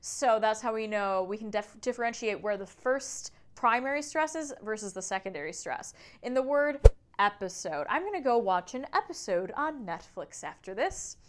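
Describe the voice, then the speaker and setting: A woman's voice: a little high, animated, moderate pace, slight background noise. A woman singing teacher explaining phonetics in a video lesson, demonstrating sounds aloud in an upbeat way.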